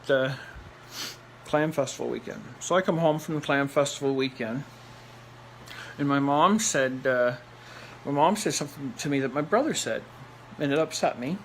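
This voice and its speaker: A man's voice: mid-range voice, poor audio. Man with a middle-range voice, telling a personal story bluntly, with faint noise behind him. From Nova Scotia, Canada. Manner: blunt, rambling, repeats phrases for emphasis; laughs between lines.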